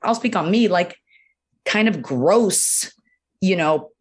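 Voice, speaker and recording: A woman doctor with a low-pitched voice talks openly about the body in a relaxed interview. She is candid and animated, often slipping in "you know" and acting out little quotes in other voices. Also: takes it slowly, breathy edge. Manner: frank, animated, many "you know" fillers, acts out quotes. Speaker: urologist guest.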